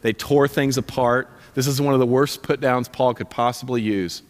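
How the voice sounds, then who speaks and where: Male pastor, mid-pitched, punchy and insistent sermon delivery, recorded with a long hall reverb. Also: steady tone, moderate pace. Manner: emphatic, repeats commands, direct and punchy. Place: church sanctuary.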